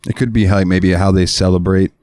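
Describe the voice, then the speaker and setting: A man's voice: low voice, level tone, brisk, a little mellow, dry recording, studio quality. A man co-hosting a podcast in casual chat, laid-back and joking, reading out listener questions. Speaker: podcast co-host.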